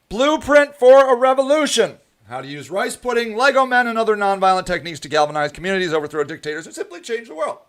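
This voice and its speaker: A man's voice: high-pitched, fairly bright tone. Heated, profane man ranting on politics. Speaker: show host.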